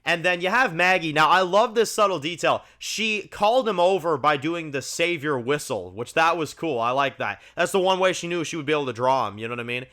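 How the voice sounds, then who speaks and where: A man's voice: a little high, expressive, a little fast, few pauses, bright, forceful tone. A man hosting his review channel, talking through a TV episode in a loose, enthusiastic way, full of "like" and "you know". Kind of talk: casual spoken episode review.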